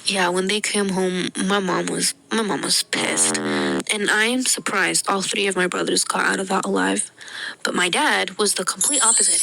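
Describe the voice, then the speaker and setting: A woman from the United States narrating a storytime video in a lively, jokey way, acting out the people she quotes and dropping into whispered asides. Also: mid-range voice, moderate pace, gravelly, noisy background. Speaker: storytime animator. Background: background music.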